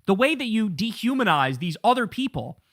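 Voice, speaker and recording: A man's voice: high-pitched, big pitch swings, a little fast, a bit bright, no echo, studio quality. A middle-aged man hosting a political commentary show, ranting with profanity and biting sarcasm.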